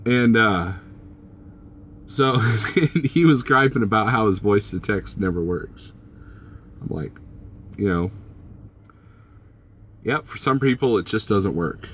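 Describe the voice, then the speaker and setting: A man's voice: on the low side, a bit bright. A man vlogging as a truck driver, casually chatting and joking with his live-stream viewers and teasing them by name.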